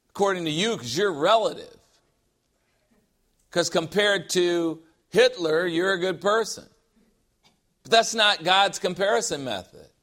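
A middle-aged man preaching a sermon, animated and full of joking asides and rhetorical questions. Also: high-pitched. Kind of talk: sermon with humor.

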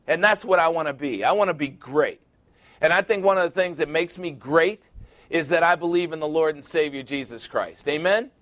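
A man's voice: on the high side, fairly bright tone. A man preaching a sermon in an earnest way, asking the congregation "Amen?". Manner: earnest, call-and-response "Amen?".

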